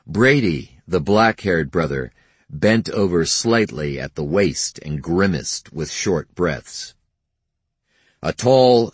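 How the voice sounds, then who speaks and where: Deep husky male narrator for a crime novel, dry close sound. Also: dry recording. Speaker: audiobook narrator. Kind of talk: scripted narration.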